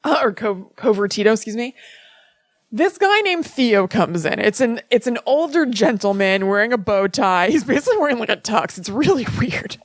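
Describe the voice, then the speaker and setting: A woman co-hosting a podcast, her voice sitting a touch high, chatting casually in a close, dry sound. She rambles, laughs often and slips into little acted quotes as she tells the story. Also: animated, normal speed, no echo. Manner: giggly, rambling, acts out quotes. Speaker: podcast co-host. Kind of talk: casual chat.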